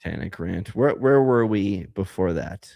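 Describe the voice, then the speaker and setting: A man's voice: low-pitched, expressive, moderate pace, vocal fry, mellow, no echo, clean studio sound. A man co-hosting a casual podcast, ranting and rambling with lots of fillers and laughter. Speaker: podcast co-host.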